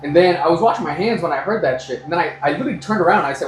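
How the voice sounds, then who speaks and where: An American man chatting casually during a haircut, telling animated stories and swearing freely. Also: fairly high pitch, racing, echoey room, slight background noise, poor audio. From United States. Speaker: customer getting a haircut. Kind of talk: casual chat, storytelling.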